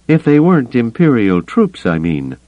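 A man's voice: lowish voice, sing-song, measured pace, no room sound, phone-quality sound, pitched above the performer's own voice. Pushy, suspicious smuggler captain, put on by a male narrator: raised and strained, dry storybook audio. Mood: demanding.

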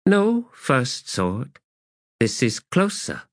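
A man's voice: mid-range voice, wildly swooping pitch, extremely slow, no echo, clean studio sound, voice pushed up, heavily acted. A man voicing a terse, cryptic undead female warrior in an audiobook.

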